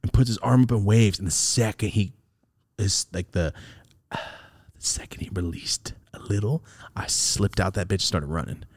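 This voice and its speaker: At a moderate pace, a young male podcast host tells a story, animated and profane, acting out the people he quotes with big jumps in pitch. There's no echo on the recording.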